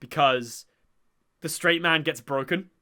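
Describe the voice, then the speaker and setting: A man's voice: a little high, slow, pushed and bright. A young man hosting a casual chat about a TV show, enthusiastic and rambling with many fillers. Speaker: podcast host.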